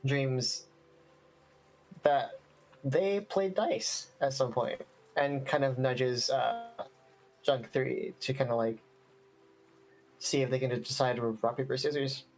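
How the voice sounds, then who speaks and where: A man playing a tabletop game, talking in a hesitant, halting way. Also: medium pitch, a little mellow, soft background music, poor audio. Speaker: player. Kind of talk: casual tabletop game chat.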